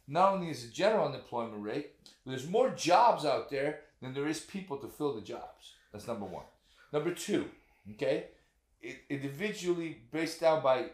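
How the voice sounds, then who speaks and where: A man's voice: on the high side, echoey room. A man co-hosting a podcast, arguing in a casual, profane way and firing off rhetorical questions. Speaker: podcast co-host. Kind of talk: casual political chat.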